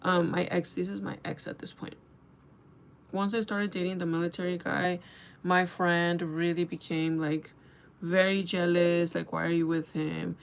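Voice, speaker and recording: A woman's voice: lowish voice, little pitch movement, a little slow, smooth. A young woman in her twenties, chatting candidly and casually as she does her makeup, swearing freely. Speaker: beauty vlogger. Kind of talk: casual storytime chat while doing makeup.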